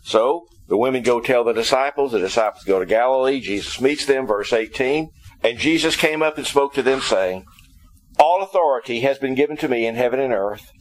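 A man's voice: mid-range voice, a little fast, a little hiss or hum, rough recording. Man preaching a Sunday sermon. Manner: conversational, explains Greek word meanings. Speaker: pastor.

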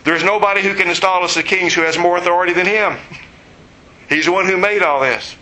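A man's voice: high voice, brisk, bright, forceful tone, low-quality recording. A man preaching a conversational teaching sermon, explaining verses and adding joking asides.

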